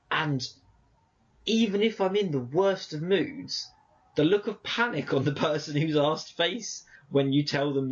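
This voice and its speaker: A man's voice: a little high, moderate pace. Man, podcast co-host, casual rambling chat, acts out dialogue, dull lo-fi audio. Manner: reflective, rambling, acts out quoted exchanges.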